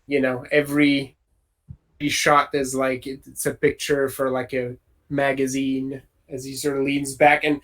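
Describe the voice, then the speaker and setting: A man narrating a tabletop role-playing game as game master, relaxed and rambling with lots of fillers. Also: medium pitch, moderate pace.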